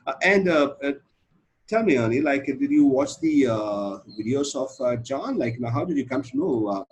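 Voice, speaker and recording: A man's voice: mid-range voice, expressive, moderate pace, breathy edge. A man from India, a sales trainee practicing a sales call, talking in a hesitant, rambling way full of fillers.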